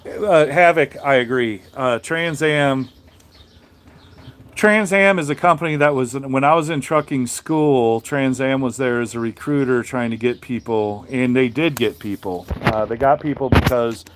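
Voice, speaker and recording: A man's voice: medium pitch, unhurried. A man who drives trucks, chatting casually on a live stream and answering viewers, blunt and profane, rambling with many restarts.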